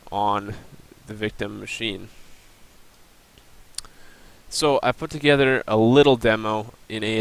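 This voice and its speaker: A man's voice: fairly low pitch, a bit bright, poor audio. A young man giving a recorded class presentation, plainly explaining and walking through a screen demo with the odd um and uh. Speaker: student presenter.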